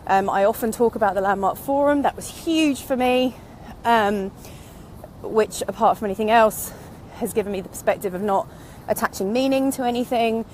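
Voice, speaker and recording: Walking outside and slightly winded, this thirty-something online business vlogger offers a candid, rambling reflection that keeps wandering off on tangents. Her voice sits on the high side with a darkish tone and a moderate pace. A little hiss or hum runs under the recording.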